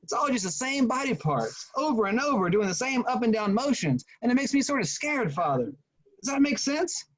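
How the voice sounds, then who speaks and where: A man's voice: extremely high pitch, big pitch swings, moderate pace, a crowd in the background, pitched above the performer's own voice, poor audio. A man reading aloud as an uneasy married man in his late forties, blunt and rambling at confession. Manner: rambling, blunt, repeating himself.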